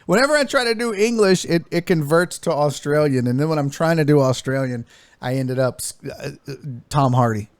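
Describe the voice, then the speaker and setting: High-voiced joking sports talk host. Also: male voice, expressive, a little fast. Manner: joking, rambling, drifts into bits.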